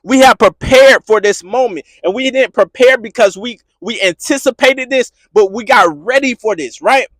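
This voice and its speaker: A podcast host with a high, bright-edged voice delivers an impassioned, repetitive motivational talk on faith, rising into shouts when he turns fervent. He speaks at a moderate pace with few pauses, and the recording is dry and close with no echo or room around it.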